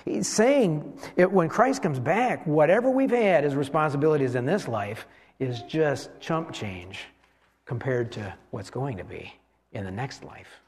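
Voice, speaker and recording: A man's voice: a little high, animated, unhurried, a little mellow. A man preaching a sermon in a conversational way, with rhetorical questions and frequent restarts. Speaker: pastor.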